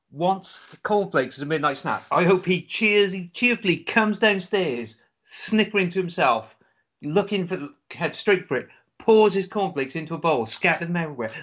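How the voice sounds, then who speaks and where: A man's voice: high-pitched, lively intonation, moderate pace, a bit bright. A man co-hosting a podcast, telling a long rambling story in casual chat, swearing and laughing often. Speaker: podcast co-host. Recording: dull lo-fi sound.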